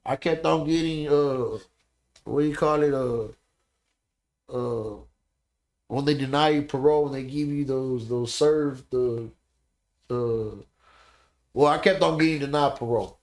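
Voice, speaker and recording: A man talking as a podcast guest, telling animated, profane stories and often asking "you know what I'm saying". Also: mid-range voice, a little slow, pauses often. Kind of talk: casual podcast conversation.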